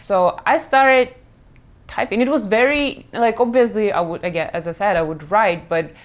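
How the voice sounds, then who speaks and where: A young woman from Russia, Russian accent, talking casually and candidly. She wanders and corrects herself as she goes. Her voice sits at a middling pitch. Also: normal speed. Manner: rambling, self-correcting, frank and chatty. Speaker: comic creator. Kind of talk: casual chat.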